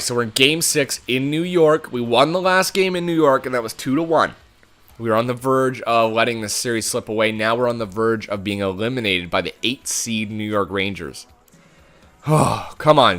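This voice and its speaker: A young man giving casual commentary on his own sports video game, swearing a lot and swinging between low muttering and angry shouts. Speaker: gaming YouTuber.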